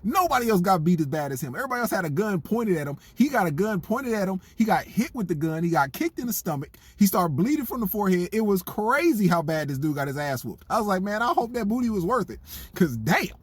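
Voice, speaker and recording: A man giving a comedic, incredulous movie review in a joking, animated way. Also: high voice, fast talker, hardly any pauses, slightly rough, no echo.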